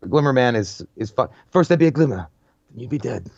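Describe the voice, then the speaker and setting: A man's voice: medium pitch, animated, a little fast, gravelly, dry recording. A man co-hosting a livestreamed movie podcast, rambling and stammering in casual chat, laughing at his own jokes. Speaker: podcast co-host. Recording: dry, dull lo-fi mic.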